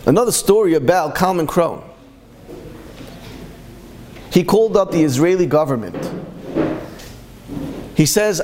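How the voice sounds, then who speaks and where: A man's voice: a little high, expressive, measured pace, long pauses, background noise. Impassioned man preaching with rhetorical questions. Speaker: Torah speaker. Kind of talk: storytelling sermon.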